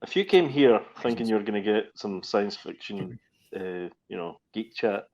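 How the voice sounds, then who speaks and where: A man's voice: lowish voice, lively intonation, moderate pace, a little mellow. A man co-hosting a podcast in casual chat, laid-back, with short interjections and wisecracks. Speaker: podcast co-host. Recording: dull lo-fi mic.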